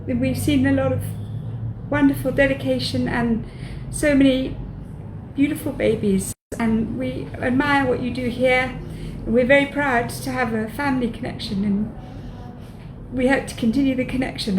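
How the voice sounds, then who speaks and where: A woman, visibly emotional, thanks hospital staff in a slightly high voice. The room is echoey, with clear noise around her. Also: fairly even intonation, normal speed. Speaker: visitor.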